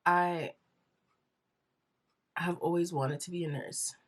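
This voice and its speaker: Husky young woman telling an emotional story. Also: lowish voice, fairly even intonation, takes it slowly. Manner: earnest and rambling, with many fillers; emotional, close to tears. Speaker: vlogger.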